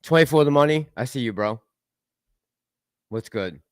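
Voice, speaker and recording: A man's voice: medium pitch, expressive, normal speed, smooth, no room sound, studio quality. A man hosting a casual livestream, rambling and laughing as he reads out and answers chat messages. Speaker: livestream host reading chat.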